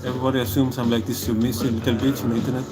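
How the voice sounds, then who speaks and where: A man's voice: mid-range voice, flat delivery, racing, over loud music, poor audio. A man chatting casually on a livestream, boastful and profane, chuckling often as he talks.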